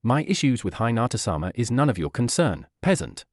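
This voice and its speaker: A man's voice: mid-range voice, sing-song, a little fast, dry recording, studio quality, natural voice. A man reading aloud as a haughty, arrogant teenage boy prodigy in a fan story. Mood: sneering. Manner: sneering, condescending.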